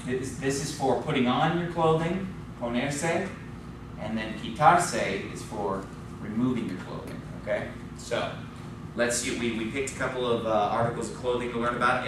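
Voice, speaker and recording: A man leads a Spanish class in a church classroom, explaining patiently, asking the students questions, and frequently checking "okay?". His voice sits in the mid range against a noisy background, and the very echoey room is recorded from far off.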